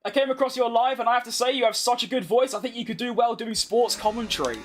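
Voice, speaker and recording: A young man with a British accent, chatting casually as he streams a racing game, reacting fast and poking fun at himself. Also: very high voice. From United Kingdom. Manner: chatty, quick reactions to the race, self-mocking. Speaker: gaming streamer. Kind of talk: live gameplay commentary while reading chat.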